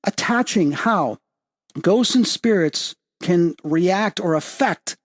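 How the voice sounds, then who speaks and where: A man hosting an interview as a medium, telling a story with rising excitement and lively quoting of others. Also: slow. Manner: excitable, rising pitch when quoting and emphasizing. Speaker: podcast host and medium. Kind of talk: animated storytelling in casual interview.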